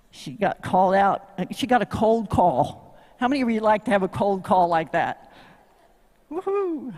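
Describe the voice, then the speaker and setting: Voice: medium pitch, a little mellow. A horsemanship instructor with a Tennessee accent gives a live demo talk. The delivery is folksy and joking, full of questions thrown out to the crowd. The voice rings with the long reverb of a large venue.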